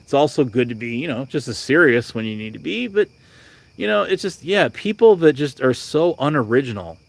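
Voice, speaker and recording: Blunt rambling man with lively pitch. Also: brisk, creaky, no room sound. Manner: rambling, blunt, many restarts and fillers. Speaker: livestream host. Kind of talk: casual livestream rant.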